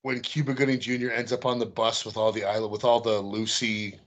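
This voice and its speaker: Male podcast co-host, casual and animated, laughs easily. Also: lowish voice, brisk, highs cut off. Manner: animated, laughs while retelling scenes. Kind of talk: casual chat.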